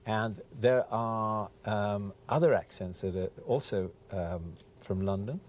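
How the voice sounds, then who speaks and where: A man's voice: lowish voice, slow, darkish tone, a little hiss or hum. Mild, hesitant man in a TV studio. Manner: hesitant, mild, many ums and uhs. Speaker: actor, guest. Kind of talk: casual interview chat.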